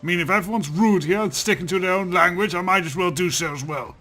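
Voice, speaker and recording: A man playing a tabletop game, talking hesitantly with many pauses and fillers. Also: sits high, pushed and bright, faint music behind. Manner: hesitant, many ums and uhs. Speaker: player. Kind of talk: tabletop role-play chat.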